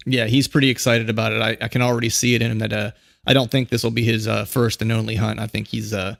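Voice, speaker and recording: Man, podcast host, quick rambling talk, many fillers, dry sound. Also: lowish voice, flat delivery, vocal fry, a bit bright, no echo. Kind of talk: casual interview chat.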